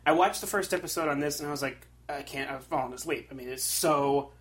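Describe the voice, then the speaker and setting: A man's voice: medium pitch, quick pace, a bit bright. A man hosting a casual podcast chat, talking loosely with restarts and easy laughs, recorded in a small home setup. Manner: chatty, trails off and restarts, laughs easily. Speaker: podcast host. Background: faint refrigerator hum.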